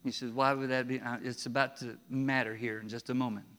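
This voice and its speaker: A man preaching a sermon in a conversational, animated way, with rising emphasis and frequent chuckles. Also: mid-range voice, fairly quick. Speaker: pastor.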